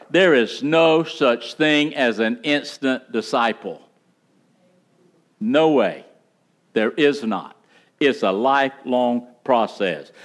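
A man preaching a sermon in a church, stressing key words and slowing down to drive points home. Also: a bit bright. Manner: emphatic, rising pitch on key words, slows for emphasis, folksy asides. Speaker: pastor. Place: church sanctuary.

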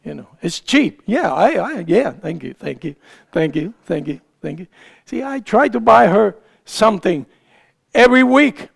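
A male pastor preaching in a relaxed, chatty way, quizzing and teasing his congregation. His voice sits high and is heavily gravelly, and he takes his time with each phrase. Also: unhurried. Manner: asks the congregation questions, folksy and teasing. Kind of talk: conversational sermon.

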